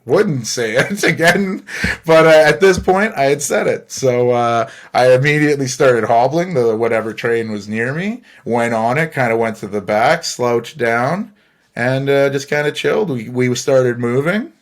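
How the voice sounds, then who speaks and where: A man's voice: medium pitch, unhurried. Rambling Canadian guy telling a story. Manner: rambling, laughs often, swears freely. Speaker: podcast host. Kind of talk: casual storytelling monologue.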